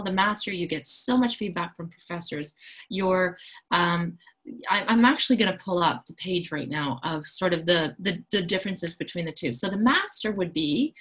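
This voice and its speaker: This rough recording captures a woman with a lowish, breathy voice explaining the programs at the coaching school she founded. As an empowerment coach giving a promotional explainer, she comes across as eager, self-assured and conversational.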